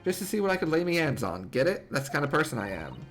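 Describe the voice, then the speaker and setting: A man's voice: fairly high pitch, big pitch swings, quick pace, fairly bright tone, soft background music. A man voicing a distrustful young girl thief with a put-on Cockney accent, defiant and slangy. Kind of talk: reading game dialogue aloud.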